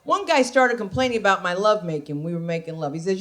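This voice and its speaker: A woman's voice: mid-range voice, lively intonation, fast talker, fairly bright tone. A woman comedian performing a stand-up set on a comedy club stage, sassy and conversational with punchy delivery.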